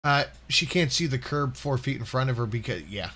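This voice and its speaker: A man's voice: mid-range voice, lively intonation, a little fast, pushed and bright. A man co-hosting a reaction video, bluntly commenting and swearing freely in casual chat.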